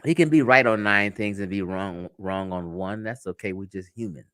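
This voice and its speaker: A man's voice: lowish voice, moderate pace, fairly bright tone, clean tone, no room sound. A man from the United States hosting a livestream, talking casually and profanely to his viewers, telling stories and laughing often. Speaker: livestream host.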